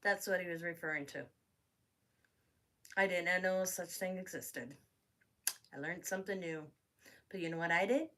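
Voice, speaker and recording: A woman's voice: fairly low pitch, normal speed, pauses often, sharp tone, distant mic. A middle-aged woman telling stories in a casual live-stream chat, laughing often as she talks. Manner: chatty storyteller who laughs often. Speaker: craft channel host.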